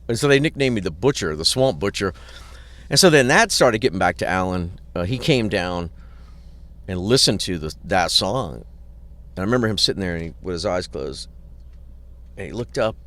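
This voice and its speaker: Low-voiced man spinning studio stories. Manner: animated anecdotes with profanity and acted quotes. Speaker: guest, record producer. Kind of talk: casual storytelling. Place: hotel parking lot.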